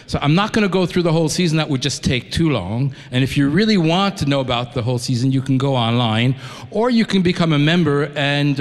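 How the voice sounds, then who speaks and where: A man from New York addresses a concert audience from the stage, his talk eager and loose, full of restarts. His voice sits a little high for a man. It rings out with the long reverb of a large concert hall. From New York, United States. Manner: enthusiastic, conversational, with restarts. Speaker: orchestra conductor addressing the audience. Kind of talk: spoken introduction to a concert audience.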